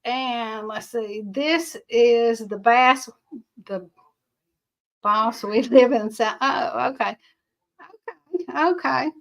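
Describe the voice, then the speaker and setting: A woman's voice: on the high side, very slow, creaky, pauses often, a bit bright. An older woman, hosting a rambling livestream, chatting casually and answering viewer comments in a folksy way. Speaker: livestream host.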